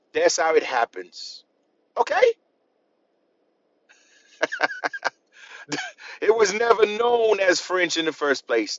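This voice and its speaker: A man's voice: extremely high pitch, a bit bright, dry recording. A man lecturing on history, emphatic and repetitive, asking the listener rhetorical questions. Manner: emphatic, repeats points, asks rhetorical questions. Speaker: history channel host. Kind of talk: lecturing to camera. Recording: dull lo-fi sound.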